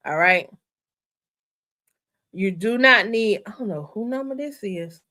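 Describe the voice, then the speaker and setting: A bright, forceful-sounding woman hosts a casual livestream. She talks straight to her viewers, excitable and chatty, and keeps repeating her instructions so nobody misses them. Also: medium pitch, measured pace. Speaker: channel host. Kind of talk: casual livestream store walkthrough.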